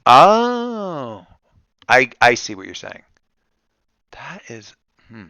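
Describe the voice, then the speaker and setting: A man runs a tabletop game in a bright, crisp voice. He thinks out loud and stops and restarts often. The sound is dry and close. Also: mid-range voice, wildly swooping pitch, no echo. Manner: halting, with many restarts and fillers. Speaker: game master.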